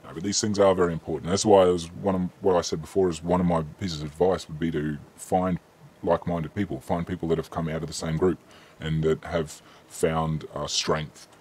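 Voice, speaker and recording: A man's voice: low-pitched, level tone, brisk, a little mellow, husky. An Australian man hosting a casual live-stream Q&A, chatting easily and reading viewer questions aloud with frequent ums.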